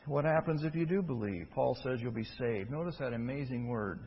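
A man preaching a sermon, emphatic, rising from quiet stretches to loud, forceful peaks. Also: mid-range voice, brisk, husky. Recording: dull, lo-fi with long hall reverb.

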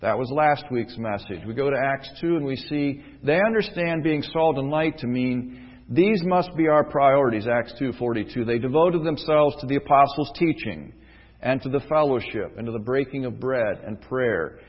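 A man's voice: mid-range voice, normal speed. A man preaching a sermon as pastor, earnest and asking his listeners rhetorical questions. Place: church sanctuary. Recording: muffled sound in a reverberant sanctuary.

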